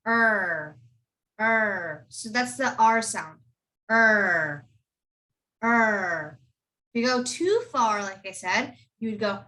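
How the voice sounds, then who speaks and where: With a fairly high, slightly bright voice, a young woman tutors children in pronunciation via video call. As their accent tutor, she patiently explains and repeats example words in this online lesson.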